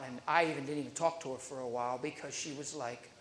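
Casting: lively male preacher, acts out voices and laughs, echoey hall. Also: medium pitch, quick pace, hardly any pauses, slight background noise. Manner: animated, laughing, acting out voices. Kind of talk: sermon storytelling.

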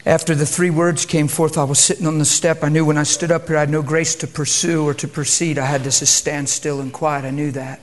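Soft-spoken, reverent, higher-voiced male preacher. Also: a little fast, few pauses. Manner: subdued, calm and quiet; reverent, prayerful. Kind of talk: sermon with prayer.

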